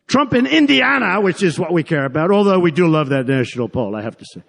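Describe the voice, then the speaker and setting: With a fast, sing-song delivery, this older man's voice sits high and sounds gravelly and a bit bright. He is a political candidate giving a rambling, repetitive rally speech with mocking asides to an arena crowd, echoed by long PA hall reverb.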